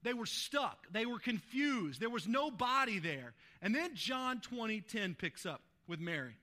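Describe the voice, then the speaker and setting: A man's voice: high-pitched, sing-song, measured pace, pushed and bright. A male pastor preaching a sermon, reading Bible verses aloud and retelling them in his own words. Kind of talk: sermon teaching a Bible passage.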